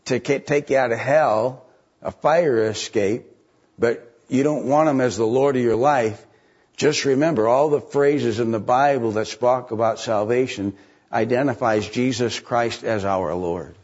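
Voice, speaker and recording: An older man preaching a sermon, building to high, emphatic passages on scripture. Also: measured pace, a little mellow, breathy edge, lo-fi sound.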